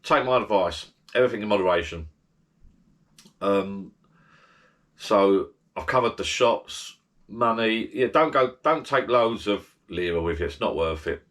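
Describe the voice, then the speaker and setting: Man, very low voice, casual vlog chat, rambling. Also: expressive, unhurried, fairly bright tone. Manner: rambling, chatty, frequent restarts and asides. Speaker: travel vlogger. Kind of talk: casual holiday advice chat.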